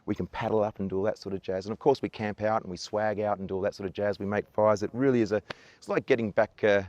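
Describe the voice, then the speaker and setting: Tour guide, man in his forties, broad Australian accent, lowish voice, relaxed chatty delivery, dry close sound. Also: fast, no echo, lo-fi sound. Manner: easygoing, chatty, many "uh" fillers and self-restarts, jokey. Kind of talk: outdoor tour chat to camera. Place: outdoors on coastal rocks.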